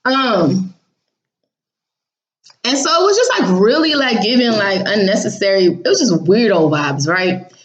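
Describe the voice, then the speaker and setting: A woman's voice: mid-range voice, expressive, measured pace, long pauses. A woman casually telling her viewers about a dream, blunt and sassy, acting out what people said in raised voices. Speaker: vlogger recounting a dream.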